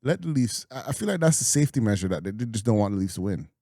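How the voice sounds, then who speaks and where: A man's voice: fairly low pitch, very animated, very fast, vocal fry, warm tone, dry recording, clean studio sound. Emphatic man in casual podcast banter. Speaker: podcast co-host.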